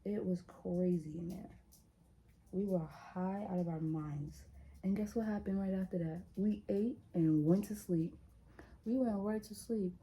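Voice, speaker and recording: A young woman vlogger telling a story in a casual, animated, chatty way, speaking straight to her viewers. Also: medium pitch, measured pace, low-quality recording.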